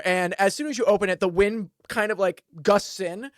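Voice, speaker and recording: A man's voice: high-pitched, moderate pace, dry recording. A man narrating a tabletop game as dungeon master, rambling and full of fillers.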